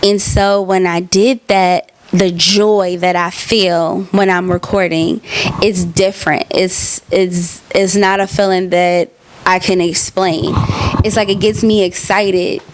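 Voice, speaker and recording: A woman's voice: lowish voice, level tone, takes it slowly. A bubbly young woman answers her own interview questions in a loose, chatty way. She is an aspiring talk show host and fills her speech with "like" and "um". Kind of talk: casual self-interview answers.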